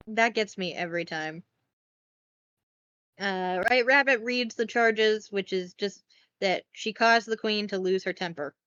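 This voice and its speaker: Chatty woman podcaster, smooth clear voice. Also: mid-range voice, fairly bright tone, no room sound, muffled recording. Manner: chatty, swearing, rambling with fillers and self-corrections. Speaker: podcast host. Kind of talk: casual film recap.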